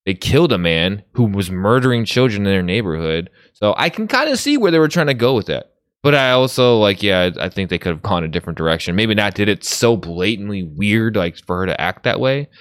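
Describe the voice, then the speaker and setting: A man casually discussing a movie with a friend, animated and swearing as he acts out scenes. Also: on the low side, fairly quick, no room sound, clean studio sound.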